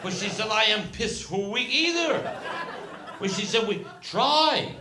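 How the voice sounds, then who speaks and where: Cornish man, high voice, rambling and repetitive, live stage storytelling, roomy hall. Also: animated, a little slow, crowd noise. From Cornwall, England. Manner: rambling, repetitive, folksy asides. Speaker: comedian. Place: live comedy venue with audience. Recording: echoey live venue with audience noise.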